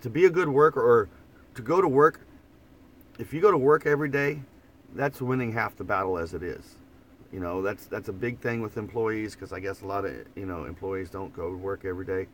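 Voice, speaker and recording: A man's voice: lowish voice, a little fast, slight background noise. Easygoing man with Oklahoma twang. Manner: rambling, easygoing, repeats and restarts words, laughs often. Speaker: vlogger. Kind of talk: casual morning live chat. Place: inside an old camper van. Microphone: phone propped up in front of him.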